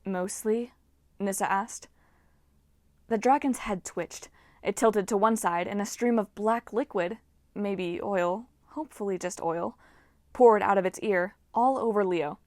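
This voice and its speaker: A woman reading a novel aloud as narrator, in a lively, expressive way. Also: medium pitch, a little slow, dry recording, studio quality. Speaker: audiobook reader. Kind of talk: storybook narration.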